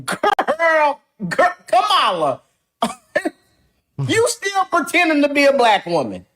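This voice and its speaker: A woman's voice: high-pitched, wildly swooping pitch, takes it slowly, a bit bright. A woman in a played clip, mocking and scolding someone in a sassy, repetitive way.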